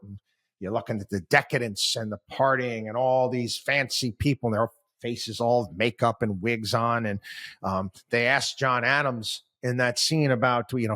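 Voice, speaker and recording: A man's voice: medium pitch, fairly bright tone. A man hosting a podcast, talking through his thoughts in a rambling, conversational monologue. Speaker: podcast host. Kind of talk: casual commentary monologue.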